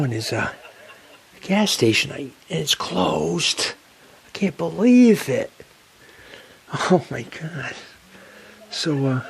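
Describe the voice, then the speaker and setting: A man telling a casual personal anecdote in an animated, exasperated way, full of fillers. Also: mid-range voice, creaky. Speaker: storyteller.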